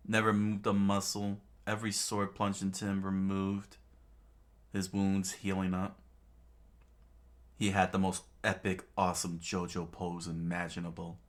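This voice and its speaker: Slow, halting male manga reader. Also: sits low, monotone. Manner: halting, full of hesitations and self-corrections. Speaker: narrator reading a manga aloud. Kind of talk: casual reading with asides.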